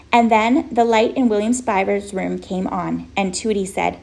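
A woman reading a storybook aloud in a steady, measured way. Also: mid-range voice, creaky. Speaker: audiobook narrator. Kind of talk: scripted storybook narration.

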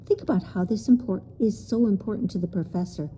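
A woman's voice: medium pitch, fairly quick, mellow, a little hiss or hum, close to an everyday voice, rough recording. A woman reading an earnest young boy. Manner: earnest and coaxing. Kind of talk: storybook reading.

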